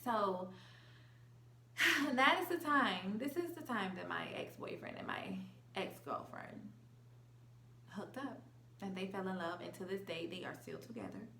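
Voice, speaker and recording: A young adult woman telling a storytime vlog in a casual, slangy and animated way. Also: medium pitch, measured pace, pauses often, roomy sound, slight background noise. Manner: animated, slangy, acts out quotes. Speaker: vlogger.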